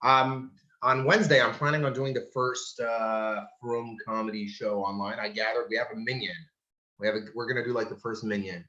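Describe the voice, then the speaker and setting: Casual male co-host with a halting, jokey delivery, heard over a video call from an echoey gym, dull lo-fi sound. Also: medium pitch, fairly even intonation, sharp tone. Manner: halting, many fillers and restarts, jokey. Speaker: podcast co-host. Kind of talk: casual chat with jokes. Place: large empty school gym. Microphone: computer mic on a video call.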